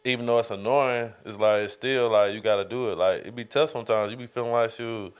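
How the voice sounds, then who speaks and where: Man host, smooth and resonant, quick, relaxed delivery. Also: mid-range voice. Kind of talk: casual chat.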